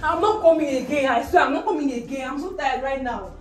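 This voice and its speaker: A woman's voice: high-pitched, fast talker, roomy sound, lightly acted. An actress with a Nigerian accent playing a tired, exasperated young woman who complains and refuses to come. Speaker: tired girlfriend. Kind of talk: Nollywood drama acting.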